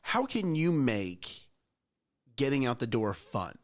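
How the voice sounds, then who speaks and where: A man's voice: mid-range voice, sing-song, slow pace. A middle-aged man hosting a casual chat show, earnest and emphatic, challenging listeners directly. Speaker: host.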